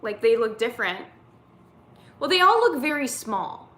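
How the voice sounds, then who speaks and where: A woman's voice: on the high side, big pitch swings, moderate pace, a bit bright, roomy sound. A woman in her thirties hosting a casual live-stream chat, reading viewer comments aloud and answering them. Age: 30s.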